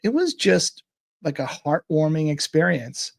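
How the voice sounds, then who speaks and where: A man's voice: fairly high pitch, very animated, unhurried, creaky. A man co-hosting a casual political talk show, rambling and searching for the right words. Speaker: co-host.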